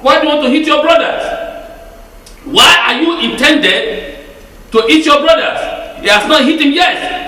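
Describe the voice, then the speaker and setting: A man's voice: high-pitched, pushed and bright. A man preaching a sermon with emphatic rhetorical questions and frequent restarts. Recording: very echoey hall, mic far off.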